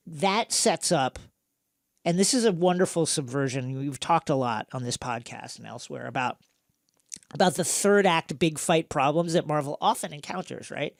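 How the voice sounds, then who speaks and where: A man hosting a podcast, recapping a film in a casual, animated way with many fillers. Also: fairly high pitch, normal speed, vocal fry, no echo, clean studio sound. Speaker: podcast host.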